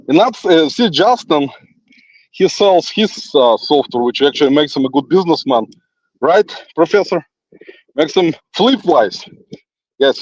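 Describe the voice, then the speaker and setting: Pitched slightly high with a darkish tone, a man with a non-native English accent rambles and teases while walking through a forest, chuckling often and speaking to a critic who isn't there. He's a livestream host, and his phone captures a dull, lo-fi sound with no room echo.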